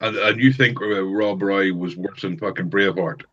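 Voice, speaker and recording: Brief: low-voiced blunt man from Ireland, muffled lo-fi mic. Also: steady tone, normal speed, a bit bright. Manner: blunt, grumbling, swears freely. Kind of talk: casual podcast banter.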